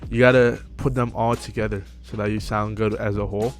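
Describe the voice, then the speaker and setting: A young man giving casual self-improvement advice to camera, relaxed and full of fillers, often checking in with "right?". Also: lowish voice, a little fast, soft background music. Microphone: close mic.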